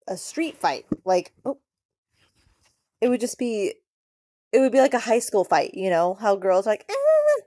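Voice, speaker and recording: A woman's voice: lowish voice, mellow, no echo, studio quality. A woman co-hosting a casual chat show, talking in a rambling, indignant way with many restarts. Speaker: podcast co-host.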